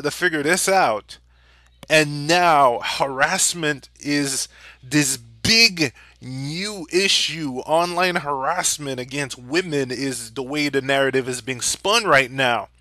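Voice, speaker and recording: A young man delivering an angry, profanity-filled vlog rant and shouting at times. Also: on the high side, no room sound. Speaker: vlogger.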